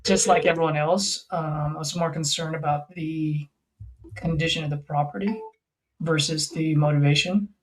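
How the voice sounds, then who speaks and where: Joking man with a higher voice. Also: steady tone, normal speed, low-quality recording. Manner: easygoing, joking, self-deprecating. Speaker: guest sales closer. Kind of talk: casual livestream chat.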